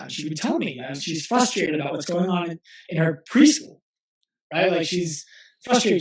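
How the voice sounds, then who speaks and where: A fairly high-voiced man in his thirties speaks earnestly as an interview guest, and he often restarts his sentences as he tells stories. His voice carries a roomy echo. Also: expressive. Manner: earnest, storytelling with quick restarts. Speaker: guest, physical therapist and coach. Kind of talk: conversational interview.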